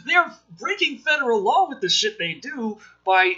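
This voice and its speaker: High, bright-voiced man ranting emphatically. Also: very animated, moderate pace. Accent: slight Southern US. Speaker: podcast host. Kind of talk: casual livestream chat. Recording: dull lo-fi mic.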